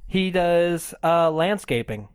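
A man in his twenties rambles through a comic story on a podcast. His voice sits a little high, and he slips into the people he quotes as he goes. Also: lively intonation, slow pace, clear, resonant tone. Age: 20s. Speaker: podcast co-host. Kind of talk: casual comedic banter.

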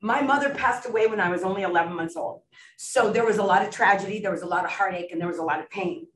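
A woman's voice: medium pitch, quick pace, a bit bright. A middle-aged woman giving a personal testimony at a support meeting, earnest and emotional, laughing often. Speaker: recovery meeting speaker. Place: meeting room. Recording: echoey room, recorded from far off.

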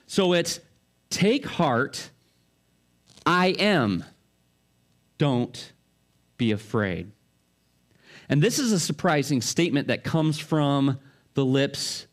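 Middle-aged guy pastor, chatty sermon, lots of "right?" and little family stories. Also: medium pitch. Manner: conversational, rhetorical questions, personal anecdotes.

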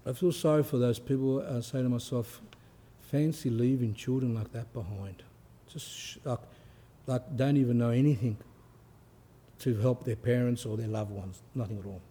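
Man giving a relaxed, mellow spiritual talk. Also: mid-range voice, moderate pace, slightly rough. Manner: conversational, with anecdotes and frequent fillers; reads scripture passages aloud with rising emphasis. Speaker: Orthodox priest.

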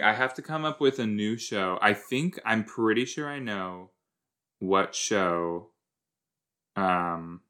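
Guy with a lowish voice doing slow rambling reaction commentary, blurts out loud then mutters. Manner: chatty, exclaims loudly then mumbles; talks to himself, quick jumps between soft and loud. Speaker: podcast host reacting to a TV episode. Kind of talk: casual watch-along commentary.

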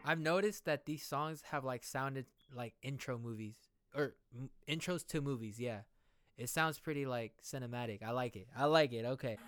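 A man reacting to a new song in a casual, excitable, slangy way, thinking out loud as he listens. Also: mid-range voice, normal speed. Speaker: music reaction vlogger. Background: music playing.

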